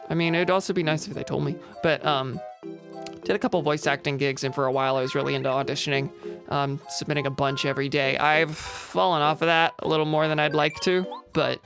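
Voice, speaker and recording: A woman's voice: low-pitched, a bit bright. A young woman streaming a game from home, chatting casually and reading messages from chat aloud in a rambling way. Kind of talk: casual live-stream chat while gaming. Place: home room with a vocal booth beside her.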